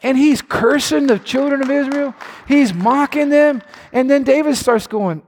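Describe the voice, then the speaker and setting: A man preaching a sermon in an animated way, his voice climbing to near-shouts. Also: extremely high pitch, moderate pace. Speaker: pastor.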